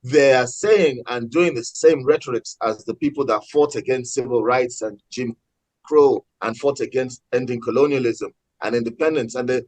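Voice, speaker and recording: A man talking passionately in a casual political discussion, with many halting restarts. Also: medium pitch, a little mellow, dry recording, poor audio. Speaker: podcast co-host.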